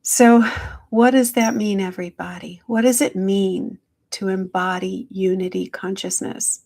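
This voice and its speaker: Slow, gentle woman on a livestream. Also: mid-range voice, steady tone, gravelly. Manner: slow, gentle, affectionate, greets viewers by name. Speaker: hypnotherapist livestream host. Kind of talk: casual live-stream check-in.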